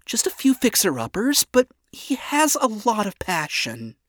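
A man voicing a tired, rattled young woman who is hopeful about a villain, in a high and earnest tone. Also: wildly swooping pitch, measured pace, fairly bright tone, dry recording, clean studio sound, full character voice. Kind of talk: audiobook character voice.

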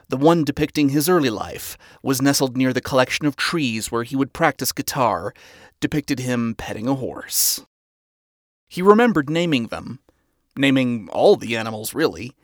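A man narrating a fan fiction story in a steady storytelling manner. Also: medium pitch, dry recording, studio quality.

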